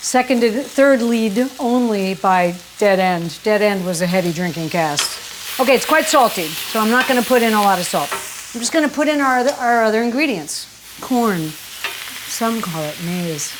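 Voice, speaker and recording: Over some background noise, a cooking show host speaks in an expressive, medium-pitched voice at a moderate pace. She leads a casual kitchen demonstration, chatting candidly, teasing herself and suddenly exclaiming.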